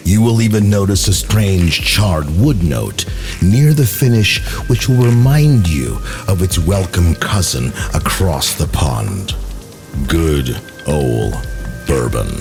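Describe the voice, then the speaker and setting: A man voicing the Whiskey God, a solemn male whisky deity, reading slow tasting notes in a mock Irish accent with a deep gravelly drawl. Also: exaggerated voice. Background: music.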